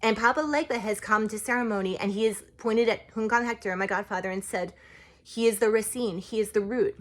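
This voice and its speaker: A woman's voice: mid-range voice, fairly quick. Witchy woman vlogging, rambly and emotional, lots of "like" and "you know". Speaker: witch and spiritual practitioner. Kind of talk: casual spiritual vlog talk.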